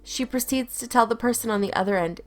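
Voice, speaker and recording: A woman's voice: a little high, fast. Wry young woman reading a story. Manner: wry, storytelling delivery with acted-out quotes. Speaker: story narrator. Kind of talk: reading an online story aloud.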